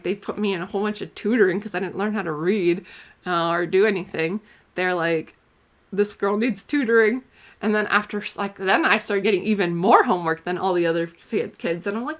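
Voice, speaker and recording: A woman vlogging to camera in a rambling, giggly, casual confessional way, full of "like" and "um". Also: mid-range voice.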